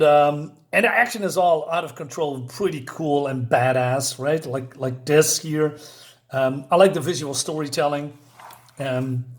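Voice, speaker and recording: Excited man with a fairly high voice. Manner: enthusiastic, chuckles often, says "badass" and "right?". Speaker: comic book reviewer. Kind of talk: casual comic review with read-aloud panels.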